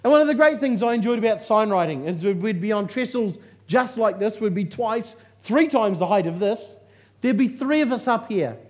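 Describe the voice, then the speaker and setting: On stage before a live audience, a motivational speaker tells his story with humour, jokes, and punchy lines. His voice sits high and sounds animated, at a moderate pace.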